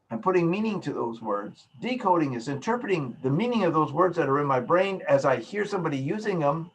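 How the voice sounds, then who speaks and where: A man's voice: fairly high pitch, a little hiss or hum. A man teaching a class as professor over a video call, patiently explaining with simple everyday examples. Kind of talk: online lecture. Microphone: computer mic on a video call.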